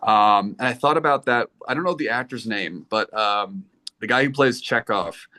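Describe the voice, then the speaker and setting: A man's voice: mid-range voice, moderate pace, bright, forceful tone. A man who is an actor, a guest in a casual podcast chat, speaking wryly and hesitantly with many ums.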